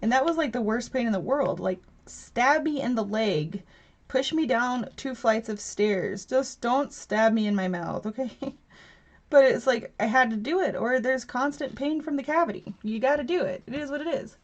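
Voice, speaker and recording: A woman's voice: fairly high pitch, animated, moderate pace. A woman in her thirties hosting a casual craft livestream from home, chatting and laughing with viewers and reading their comments aloud. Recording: dull lo-fi stream audio.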